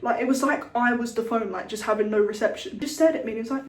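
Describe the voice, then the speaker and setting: Young woman, fairly high voice, chatty and sweary, recorded a bit far off in an echoey room. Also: very fast. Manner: chatty, swears freely, acts out scenes. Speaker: skincare vlogger. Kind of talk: casual chat to camera. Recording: roomy echo, a bit far from the mic.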